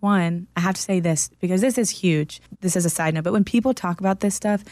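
A woman's voice: fairly low pitch, a little fast, darkish tone, no room sound. A woman co-hosting a casual talk show, telling a story in an earnest, emphatic way. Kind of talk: casual podcast chat.

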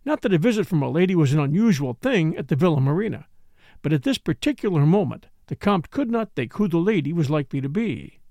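A man reading a novel aloud as an audiobook narrator, with expressive storytelling. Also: on the high side, quick pace, no room sound, studio quality. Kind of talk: scripted narration.

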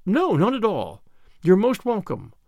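A man putting on a fussy old gentleman collector, eager and easily flustered. The voice sits high and swings widely, with a gravelly edge, in a dry, close audiobook sound. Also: wildly swooping pitch, measured pace, no echo, full character voice. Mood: fretful. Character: fussy elderly male collector, eager and anxious.

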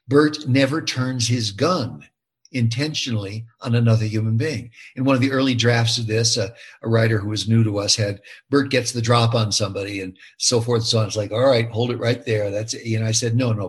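Husky older man, rambling interview talk. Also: mid-range voice. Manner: expressive storyteller, many restarts and fillers. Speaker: actor interviewed about his film.

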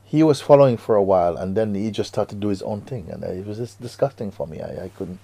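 A man with a husky voice putting on a raised, agitated voice for an indignant young male student complaining about a classmate in a story he tells. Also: expressive, fast talker, mellow. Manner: high-pitched, agitated complaining.

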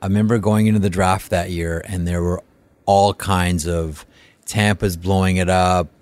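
Very deep-voiced man host. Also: fairly even intonation, normal speed, a little mellow, no echo. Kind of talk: casual interview chat.

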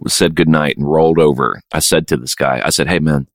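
A man's voice: extremely low pitch, steady tone, fairly quick, dry recording. A man co-hosting a podcast, telling stories with dry, wry humor in casual comedic chat. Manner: wry storyteller, dry jokes. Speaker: podcast co-host.

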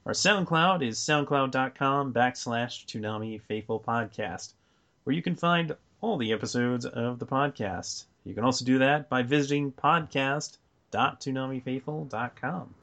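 A man's voice: medium pitch, moderate pace, a bit bright. A man hosting a podcast, casually reading out contact links and chatting with co-hosts. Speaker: podcast host.

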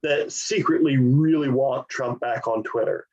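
A man co-hosting a podcast, speaking in a halting, agreeable way with lots of fillers. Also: medium pitch, darkish tone, husky, dull audio. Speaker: podcast co-host. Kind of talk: casual political chat.

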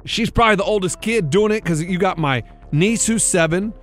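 A high-pitched man in his thirties, a co-host on a radio show, speaks a little fast while soft music plays. His casual storytelling is rambling and energetic, and he performs the quoted voices as he tells it.

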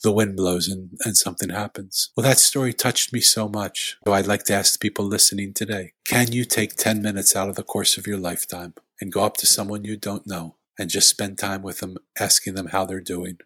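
Male guest, low husky voice, earnest storyteller, dry close sound. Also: fairly even intonation, a little fast, bright, forceful tone, dry recording. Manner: earnest, heartfelt retelling with quoted dialogue. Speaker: podcast guest, author. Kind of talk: storytelling in conversation.

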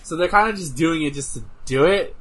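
A man chats casually over a wrestling watch-along, his voice fairly high and bright. He gets excitable, swears freely and trails off into fillers mid-thought. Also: fairly quick, a little hiss or hum. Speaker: podcast co-host.

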